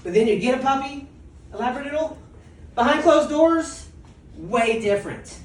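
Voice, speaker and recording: A woman's voice: high-pitched, expressive, normal speed, recorded from a distance. A woman performing a casual, self-mocking stand-up comedy set on a club stage and laughing at her own jokes. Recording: echoey club recorded from afar.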